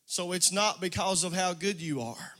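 A preacher delivers a call-and-response sermon in a high, ringing voice. He talks straight to the congregation, calls people out by name and draws a response from them. His delivery climbs into a sing-song chant as the message builds. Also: normal speed, pushed and bright. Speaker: pastor.

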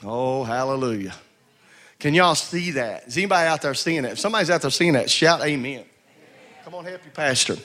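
A man's voice: fairly high pitch, expressive, fairly quick, fairly bright tone. A male pastor preaching a sermon. He exhorts the congregation, calls for responses, and often repeats words.

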